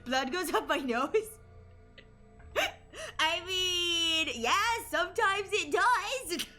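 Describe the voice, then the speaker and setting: A woman's voice: very high-pitched, sing-song, drawn-out words, sharp tone, soft background music. A young woman streaming a game, chatting playfully with her viewers, often giggling. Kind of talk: casual gameplay commentary.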